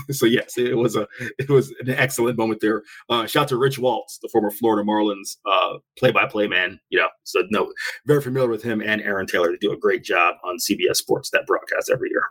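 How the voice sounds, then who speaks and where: A man's voice: lowish voice, fairly quick, a bit bright. A man co-hosting a casual sports podcast, loose and jokey, laughing often and tripping over his words. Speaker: podcast co-host.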